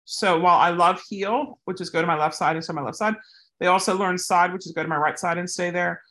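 A woman's voice: fairly low pitch, steady tone, fast, fairly bright tone. A woman who handles service dogs, answering a viewer's question in a casual, rambling way with plenty of tangents. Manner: rambling, goes off on tangents, chatty. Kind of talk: casual advice vlog.

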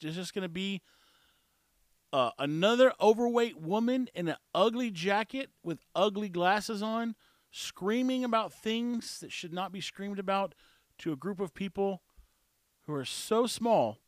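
A man's voice: sits high, no echo, studio quality. A man hosting a podcast, giving blunt, sarcastic casual commentary on a clip he plays. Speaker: podcast host.

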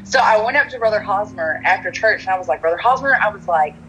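A woman's voice: mid-range voice, fast talker, dull audio, a little hiss or hum. A woman with a Texan accent, telling a personal story in casual chat, full of "like" fillers and quoted dialogue. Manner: chatty, many "like" fillers, animated quoted dialogue.

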